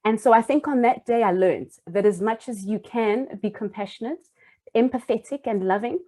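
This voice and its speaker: A woman's voice: on the high side, moderate pace, mellow. A young adult woman and former primary school teacher telling a personal story in an earnest, heartfelt way, with small restarts.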